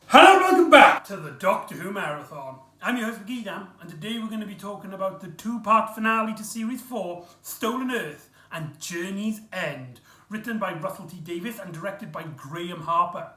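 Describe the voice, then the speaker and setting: Vlog host, casual rambling talk, lots of fillers, roomy echo, mid pitch. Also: lively intonation, normal speed, few pauses, sharp tone. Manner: chatty, rambling, with many restarts and fillers. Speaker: vlogger host. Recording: echoey room.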